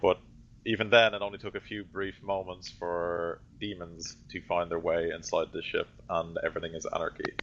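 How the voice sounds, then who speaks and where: A man with a very low voice narrates a tabletop game as game master. He meanders through the scene with frequent fillers and restarts. The voice-chat audio is dull and lo-fi, with a faint hiss. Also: level tone, moderate pace, a bit bright. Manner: rambling description full of fillers and self-corrections.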